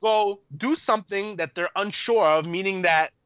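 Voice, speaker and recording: A man in his thirties, a guest on an interview podcast, telling a story in a rambling, animated way with lots of fillers. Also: high voice, normal speed, clean tone, dry recording. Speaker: podcast guest, army veteran. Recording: muffled lo-fi, dry room.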